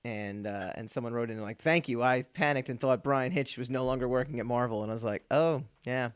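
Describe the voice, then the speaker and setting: A man's voice: mid-range voice, quick pace, clear, resonant tone. A man hosting a casual pop culture podcast, rambling with lots of fillers and restarts. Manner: rambling, laughs often, many fillers and restarts. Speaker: podcast host.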